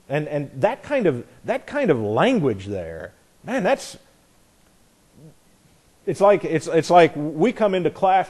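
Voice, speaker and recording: A man teaches a Bible class earnestly and emphatically, piling up repeated phrases and often restarting or correcting himself mid-sentence. His voice is fairly high and darkish, slightly rough, with big pitch swings, a slow pace, and long pauses.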